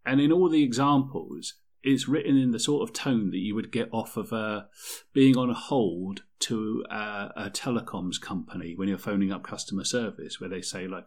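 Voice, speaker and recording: A man with a fairly low voice, talking casually and grumbling with dry sarcasm. He rambles, repeats himself and slips into mocking quotes. A relaxed podcast chat. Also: normal speed. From Britain. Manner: sardonic, rambling, mock-quoting in funny voices. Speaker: podcast co-host. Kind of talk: casual chat about tabletop games.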